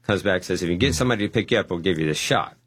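Male guest, low-pitched, telling a story with lively voiced quotes. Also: very fast, husky. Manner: animated, acts out dialogue. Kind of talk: testimony storytelling.

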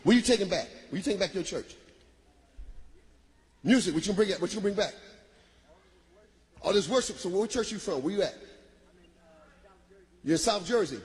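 A man doing a stand-up routine, working the crowd loudly with shouts and laughter. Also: high voice, a little fast, long pauses, husky. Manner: loud, animated, bursts of shouting and laughter. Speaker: stand-up comedian. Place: live comedy venue. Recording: live crowd and room noise.

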